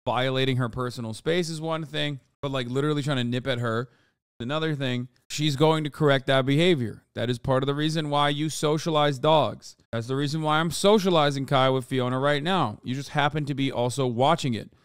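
Man in his thirties, casual live streamer, animated and foul-mouthed, crisp voice, dogs in the background. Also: medium pitch, fairly quick, no room sound, studio quality. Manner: profane, animated, ranting at chat. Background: dogs barking.

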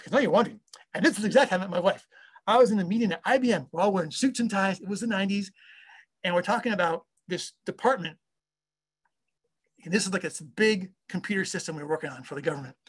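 Middle-aged male tech founder, husky high voice, casual rambling storyteller. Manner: rambling, full of fillers and acted-out quotes. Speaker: company founder and CTO. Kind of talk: casual talk to an online audience.

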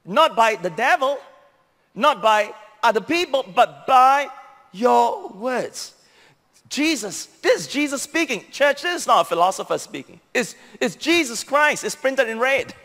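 With big pitch swings, a slightly slow pace and a sharp tone, this pastor speaks in Singaporean-accented English as a long reverb tail follows his words. He preaches emphatically, repeating and stressing key phrases.

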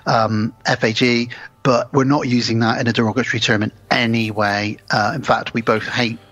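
A man co-hosting a casual film podcast, retelling film scenes with lively character voices. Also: medium pitch, moderate pace, no echo. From United Kingdom. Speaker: podcast co-host. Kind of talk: casual film-review chat. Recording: slightly dull, dry podcast audio.

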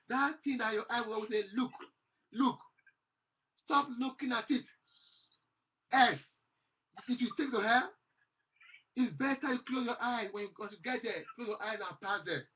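A man's voice: very high voice, normal speed, dull audio, a little hiss or hum. A man preaching a fervent sermon, repeating phrases and quoting scripture aloud.

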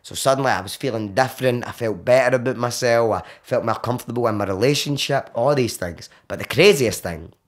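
Animated Glaswegian man telling a story. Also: mid-range voice, fairly quick, few pauses. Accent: Glaswegian Scottish. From Glasgow, Scotland. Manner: animated, swears freely, acts out quoted voices. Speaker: podcast guest. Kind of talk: casual storytelling chat.

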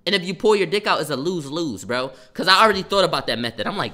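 A young man tells a story live to his viewers, swearing freely and stopping now and then to answer the chat. His voice sits a bit high and comes across very sharp and tense. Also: quick pace, few pauses. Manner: animated, profane, reacting to chat while talking. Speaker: livestreamer telling a story. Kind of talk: casual storytime on a livestream.

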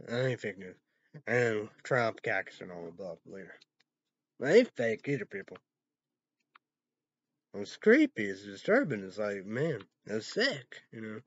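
A man on his own channel, rambling and swearing, swinging from loud outbursts to low mumbles. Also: sing-song, a little slow, long pauses, no echo. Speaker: vlogger. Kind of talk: rambling solo rant. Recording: dull, muffled lo-fi sound.

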